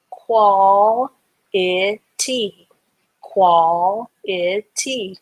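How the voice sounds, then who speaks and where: Slow, patient woman teaching reading. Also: medium pitch, fairly even intonation, low-quality recording. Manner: slow, patient, sounds words out letter by letter. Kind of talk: live online reading lesson.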